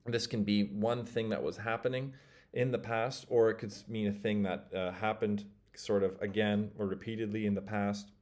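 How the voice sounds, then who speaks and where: A man teaching a language lesson in a relaxed, casual way, thinking aloud and correcting himself, slowing down to pronounce the example words. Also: on the low side.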